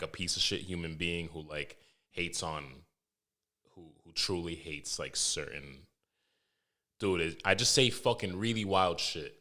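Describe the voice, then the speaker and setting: A young man hosting a podcast, telling stories in a loose, animated way, swearing heavily and restarting his sentences. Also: sits low. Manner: animated storytelling, heavy swearing, frequent restarts. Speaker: podcast host. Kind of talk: casual podcast monologue.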